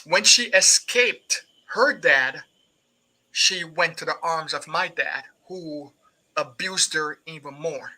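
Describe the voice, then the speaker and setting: A man's voice: on the high side, takes it slowly, sharp tone, rough recording. A middle-aged Jamaican man, a guest poet, earnestly telling his personal story and acting out remembered speech. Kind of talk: personal testimony in an interview.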